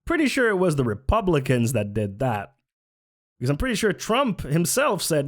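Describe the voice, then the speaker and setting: A man's voice: a little high, huge pitch swings, moderate pace. A man reacting to a political clip in casual commentary, sarcastic, mocking and profane.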